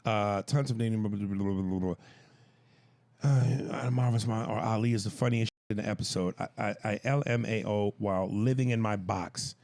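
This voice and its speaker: A man co-hosting a podcast, reading out and mocking a listener email in loud, crude casual banter. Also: moderate pace. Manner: loud, animated and crude, jumps pitch for emphasis. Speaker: podcast co-host.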